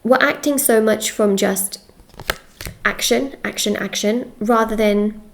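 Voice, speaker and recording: A woman's voice: mid-range voice, a little slow, creaky, a little hiss or hum. A woman giving a casual tarot reading to camera, chatty and repetitive, often checking in with "okay?". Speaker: tarot reader.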